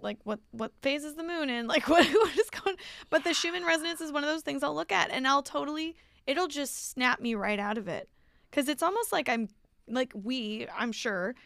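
A woman's voice: high-pitched, creaky, fairly bright tone, dry recording. A young woman co-hosting a spiritual podcast, chatting casually and laughing often between her words. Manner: giggly, laughs often while talking. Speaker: podcast co-host. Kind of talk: casual chat.

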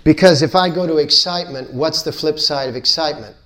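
A man giving a spiritual lecture, unhurried and playful, repeating words in rhythmic build-ups. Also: on the high side, a bit bright. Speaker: spiritual teacher.

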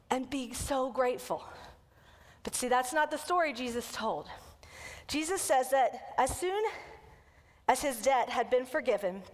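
A woman kids' pastor preaching a sermon as a lively storyteller who acts out the quotes. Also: high voice, big-room sound.

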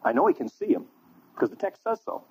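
A man preaching a sermon, telling a story in an animated, conversational way. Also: high voice, brisk, creaky, husky. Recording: tinny phone-like line.

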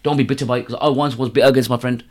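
A man's voice: medium pitch, fairly even intonation, rapid-fire. A man, a guest on a casual podcast, talking in street slang and breaking into laughter as he tells stories. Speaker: interview guest, hijama practitioner.

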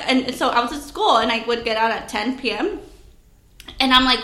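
A young woman telling stories in casual chat, animated, swearing heavily and laughing often. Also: on the high side, normal speed, reverberant. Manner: animated storyteller, heavy swearing, laughs a lot.

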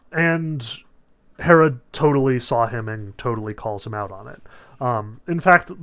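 Chatty young man giving a lecture. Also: medium pitch. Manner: chatty, many fillers, animated retelling. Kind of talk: casual lecture on classics.

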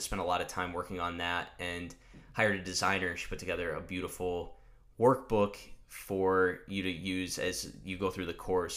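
A man hosting a podcast, giving a loose, energetic motivational monologue and swearing casually. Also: low-pitched. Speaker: podcast host.

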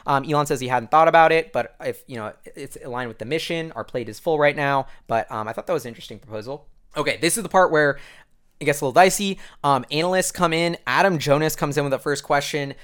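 A male vlogger talks through a recap in a casual, rambling way. He rushes along at a quick clip and fills his sentences with fillers. His excitement spikes now and then, and his voice sits at an ordinary pitch. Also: smooth.

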